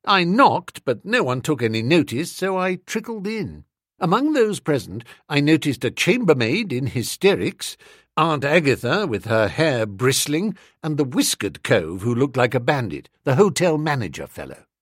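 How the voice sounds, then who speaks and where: A man's voice: fairly high pitch, big pitch swings, normal speed, husky, no room sound, studio quality. A man reading a comic first-person story aloud as an audiobook narrator. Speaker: audiobook reader.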